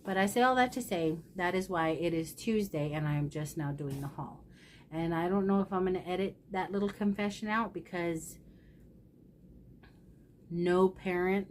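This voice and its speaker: A woman's voice: lowish voice, slight background noise. Candid, emotional woman vlogger. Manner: candid, emotional and self-deprecating; chatty, addresses viewers directly. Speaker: thrift haul vlogger. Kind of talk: casual confessional chat to camera.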